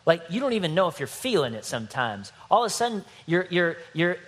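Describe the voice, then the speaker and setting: A middle-aged man preaching a sermon as pastor, animated and playful, acting out little scenes. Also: fairly high pitch, fairly quick.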